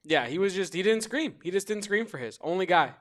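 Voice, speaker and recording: A man hosting a sports talk show, chatty, jumping in with quick asides. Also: sits high, lively intonation, fairly bright tone.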